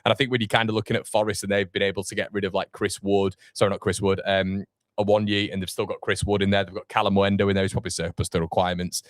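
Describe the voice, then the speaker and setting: A man's voice: low voice, flat delivery, fast, dry recording, studio quality. A man, hosting a fan watchalong live stream, chatting casually and rambling with fillers as he reads comments. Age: 30s. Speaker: fan channel watchalong host.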